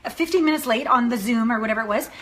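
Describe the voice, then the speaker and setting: Bright-voiced woman dating coach. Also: fairly high pitch, rapid-fire. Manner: animated storytelling, acting out quoted voices. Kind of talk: coaching talk to a course member.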